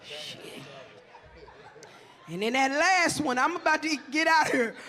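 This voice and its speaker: Woman in her forties, stand-up comic, profane, animated, high bright voice. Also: slow, a faint crowd. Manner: profane, animated, talks straight to the audience. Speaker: stand-up comedian. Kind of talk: stand-up comedy storytelling.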